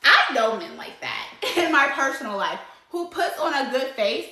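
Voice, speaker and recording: A woman's voice: sits high, very animated, moderate pace, sharp tone, reverberant, rough recording. A woman hosting a vlog, giving casual commentary in a conversational way, often saying "like" and "right?". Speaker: vlog host.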